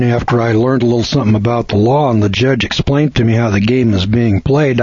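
A man's voice: mid-range voice, a little mellow, husky, no room sound. A man giving a seminar lecture, telling a story in a folksy, colloquial, emphatic way, on a dull lo-fi recording. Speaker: seminar speaker.

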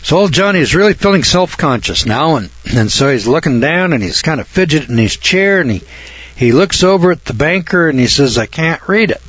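An older man telling a folksy anecdote, halting and rambling, often clearing his throat and slowing down for the punchlines. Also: a little high, lively intonation, fairly bright tone, no echo, muffled recording. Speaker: storyteller.

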